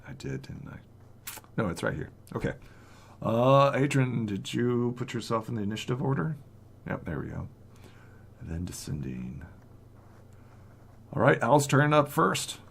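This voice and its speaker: A man running a tabletop game as game master, animated and laughing, acting out the characters' lines. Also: mid-range voice, a little slow, creaky, pauses often, breathy edge.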